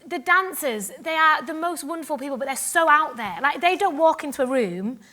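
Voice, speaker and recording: A woman from Cumbria, a guest on a live festival stage, chatting in an animated, self-mocking way, laughing often and acting out what others said to her. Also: high-pitched, brisk. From Cumbria, England. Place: festival stage before an audience. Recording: live stage mic with audience ambience.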